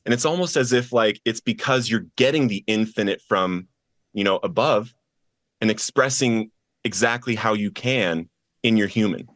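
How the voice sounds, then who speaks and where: A man's voice: on the low side, moderate pace, a bit bright, dry recording, studio quality. A man as a podcast guest, earnestly telling his personal testimony and acting out the voices of the people in his story.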